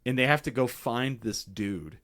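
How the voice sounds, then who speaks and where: A man's voice: mid-range voice, normal speed. A man hosting a casual podcast chat, telling stories with lots of swearing and acting out what people said. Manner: profane, animated storytelling acting out quotes. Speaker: podcast host.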